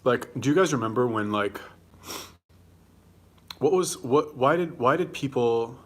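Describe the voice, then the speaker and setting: A man's voice: mid-range voice, expressive, unhurried, slight background noise. Blunt, combative man chatting on a livestream. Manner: blunt, combative, swears casually; talks while eating. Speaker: livestream host answering viewer comments. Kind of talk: casual livestream chat.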